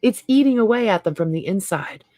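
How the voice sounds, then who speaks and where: A woman's voice: medium pitch, lively intonation, brisk, dark tone, no echo. A middle-aged woman hosting a casual livestream chat, talking freely and laughing often. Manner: chatty, laughs often, trails off and restarts. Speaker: host.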